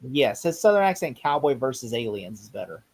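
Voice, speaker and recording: Animated, argumentative man chatting. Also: medium pitch, quick pace, husky, poor audio. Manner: animated, argumentative, swears freely. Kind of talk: casual chat during a watch party.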